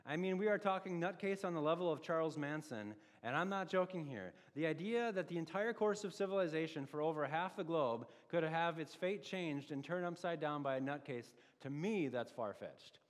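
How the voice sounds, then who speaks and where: A man preaching a sermon as pastor, conversational and animated, full of rhetorical questions. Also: on the high side, moderate pace, hardly any pauses, big-room sound.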